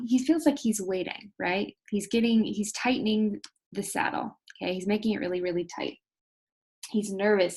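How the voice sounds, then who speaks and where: In a recorded video lesson, a woman teacher explains things patiently and speaks directly to her students, adding expressive storytelling emphasis. Her voice is medium-pitched, creaky, with a breathy edge.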